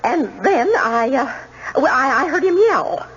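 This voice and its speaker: A jittery witness on the stand, stumbling over her words in a high voice that leaps up and down. It is an old 1970s radio drama, and the broadcast recording sounds dull and lo-fi. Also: very animated, slow pace, a bit bright, a little hiss or hum, full character voice. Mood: nervous. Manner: stammering, hesitant. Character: nervous young woman witness on the stand.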